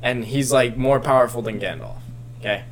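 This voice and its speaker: A man in casual chat who retells a story in a rambling, animated way, full of filler words. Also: mid-range voice, moderate pace, a little hiss or hum.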